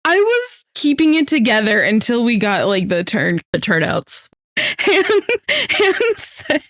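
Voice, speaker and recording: A woman's voice: on the high side, big pitch swings, a little slow, a bit bright, no echo, clean studio sound. A young woman co-hosting a podcast in casual chat, giggling often as she retells group chat messages. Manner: giggly, recounts group chats with quoted lines. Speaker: podcast co-host.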